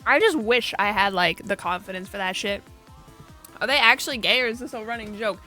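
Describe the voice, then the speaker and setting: Young female streamer, rambling crude chat, bright voice, light music behind. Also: mid-range voice, fairly quick.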